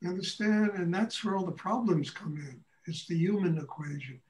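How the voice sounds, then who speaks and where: An older man teaching a meditation class, telling stories in a blunt, animated way, often breaking into laughter. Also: high-pitched, normal speed. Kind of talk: storytelling lecture. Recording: echoey room, far from mic.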